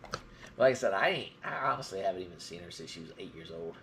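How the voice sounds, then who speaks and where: A man's voice: low-pitched, animated, quick pace, gravelly, fairly bright tone, slight background noise. A middle-aged man from Georgia with a mild Southern drawl, telling rambling stories in a casual live-stream chat. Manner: rambling storyteller.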